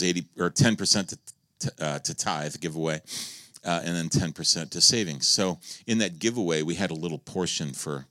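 A male pastor telling a story in a sermon, swinging between loud exclamations and soft asides. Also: low-pitched, no room sound, clean studio sound.

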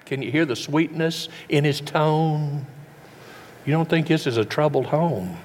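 A man's voice: on the high side, measured pace, darkish tone. Folksy middle-aged male pastor, sermon delivery, keeps asking the congregation questions.

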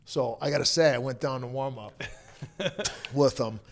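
A middle-aged man, a hockey player's father, telling a story in a casual, animated way and acting out the people he quotes. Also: mid-range voice, a little slow, creaky.

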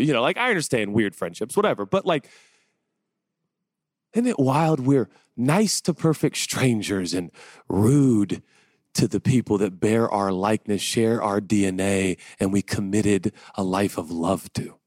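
A man preaching a conversational sermon, telling personal stories in a chatty, animated way and building to excited rhetorical questions. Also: on the low side, normal speed, no echo. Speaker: pastor.

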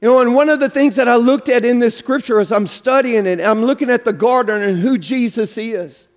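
A pastor preaching a sermon in church with fervent, rhythmic, sing-song delivery, urging the congregation on. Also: male voice, very high voice, a little fast.

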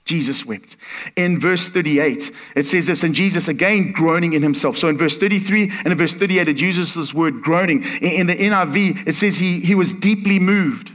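Guest preacher, male, higher voice, storytelling sermon delivery. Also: a little fast, few pauses, fairly bright tone. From Portuguese. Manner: storytelling, acts out voices in quotes.

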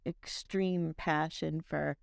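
A woman's voice: deep voice, steady tone, slow, vocal fry, no room sound, studio quality. A woman co-hosting a podcast, chatting and bantering playfully. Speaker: co-host. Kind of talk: podcast chat.

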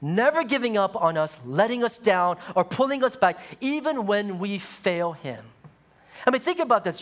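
A male pastor preaching a sermon, moving from loud, high exclamations to low, hushed passages. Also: lively intonation, normal speed.

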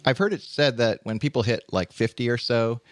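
A man's voice: mid-range voice, a little fast, dry recording, studio quality, soft background music. A middle-aged man hosting an interview podcast, introducing his guest in an earnest, reflective way. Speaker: podcast host.

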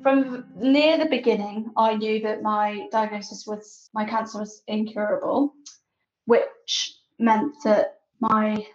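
A young woman, candidly telling personal stories as a podcast guest, often laughing as she talks. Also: medium pitch. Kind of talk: podcast interview storytelling. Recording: roomy, slightly dull sound.

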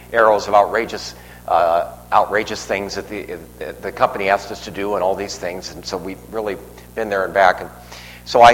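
In this sermon, an older man speaks in a low voice with a fairly bright tone. He rambles through a personal anecdote, often restarting and using fillers, while long reverb and faint noise color the recording.

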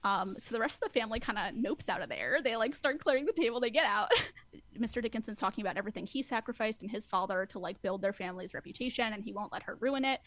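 Woman host, higher-pitched, dry close sound, animated recap talk with quoted lines. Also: quick pace, no room sound. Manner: animated, acts out quotes, laughs often. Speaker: podcast host recapping a show. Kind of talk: casual recap chat.

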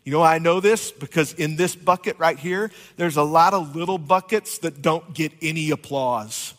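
A man's voice: fairly high pitch, normal speed, a bit bright, big-room sound. A man preaching a conversational sermon as pastor, joking with his congregation. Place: church sanctuary.

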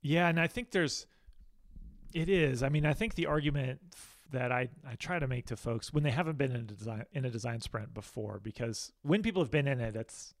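A man's voice: medium pitch, brisk, no room sound. A man with an American accent speaking as an interview guest in a candid, rambling, self-deprecating way. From United States. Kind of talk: casual interview talk.

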